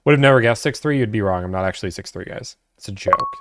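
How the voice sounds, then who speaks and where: A man's voice: fairly low pitch, fast, noisy background. A young man hosting a casual livestream, reading viewer chat aloud and answering in a laid-back, chatty way.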